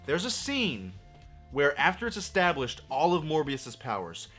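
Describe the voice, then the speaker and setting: A man's voice: on the high side, wildly swooping pitch, unhurried, a bit bright, faint music behind. A man ranting through a movie review, sarcastic and profane, full of exasperation.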